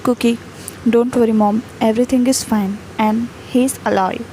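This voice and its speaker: A woman reading a fan fiction chat story aloud. She speaks each speaker name and stage cue in the same even, unvaried tone. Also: a little high, normal speed, a little hiss or hum, low-quality recording.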